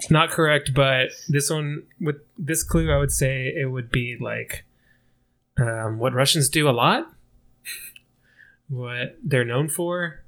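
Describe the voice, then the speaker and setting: An American man hosts a relaxed podcast conversation over drinks. He talks loosely and laughs easily between his jokes. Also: medium pitch, slow. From United States. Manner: laughs often, loose and joking. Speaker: podcast host. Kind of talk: casual podcast chat while drinking.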